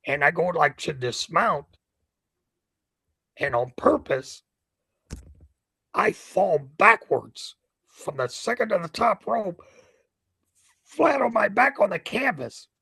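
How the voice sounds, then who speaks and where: An older man with a gravelly, husky voice, a ring announcer telling stories as an interview guest and acting out the scenes. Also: high-pitched, slow pace, long pauses, dry recording, low-quality recording. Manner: lively storyteller who acts out scenes. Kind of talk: animated anecdote telling.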